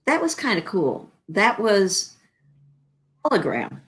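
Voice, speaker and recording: A woman's voice: medium pitch, slow. An older woman from Chicago, an actress, telling stories in an interview and acting out the lines she quotes. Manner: animated anecdotes, acts out quoted lines. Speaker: actress guest. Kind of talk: interview storytelling.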